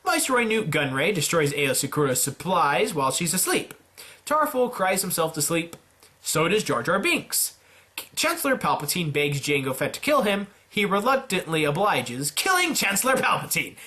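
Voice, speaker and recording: A man doing casual, playful play-by-play commentary on a simulated game, with jokey asides and sudden jumps in pitch. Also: sharp tone. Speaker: YouTuber narrating a simulator game.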